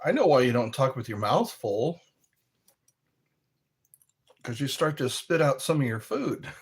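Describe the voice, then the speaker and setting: Husky-voiced man, slow and lively. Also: mid-range voice. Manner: rambling and playful, spelling words out. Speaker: live stream host. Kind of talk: casual live-stream chat while snacking.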